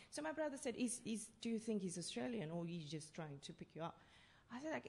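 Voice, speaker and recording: A woman from Russia, telling stories as a playwright on a festival panel, halting and full of fillers. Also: a little high, animated. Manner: halting, with many fillers and restarts. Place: festival talk session in a hall.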